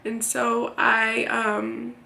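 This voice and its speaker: A woman in her thirties telling a personal story to camera in a candid, halting, plain-spoken way. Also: on the high side, monotone, vocal fry, sharp tone, echoey room. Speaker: vlogger.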